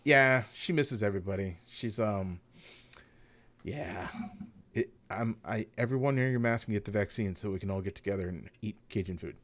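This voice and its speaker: A man's voice: fairly low pitch, moderate pace, a bit bright. A man running a tabletop game as game master, recapping the story and explaining the rules in a loose, chatty way with frequent self-corrections.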